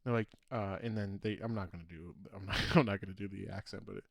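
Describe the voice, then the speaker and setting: Talking fast in a low, creaky voice with fairly even intonation, a man co-hosting a casual podcast tells a story full of restarts. He trails off mid-sentence and laughs often, and the recording is dry.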